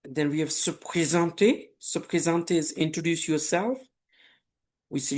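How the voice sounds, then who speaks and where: A man from Pakistan teaching a beginner French lesson, speaking patiently and deliberately, giving French phrases and their English meanings for the listener to repeat. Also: a little high, animated. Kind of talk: slow language lesson with repetition drills.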